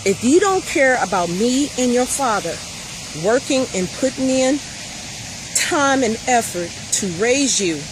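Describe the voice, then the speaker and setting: A woman delivers an impassioned, profane rant, hammering each point with blunt emphasis. Her voice sits a little high. Steady road and engine noise runs clearly behind her, as if she is sitting in a vehicle. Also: measured pace. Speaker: mother.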